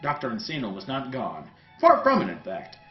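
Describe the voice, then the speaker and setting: A man hosting a comedic fanfic reading, narrating with a wry, animated delivery. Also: medium pitch, normal speed. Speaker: host. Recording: roomy, dull sound, faint music.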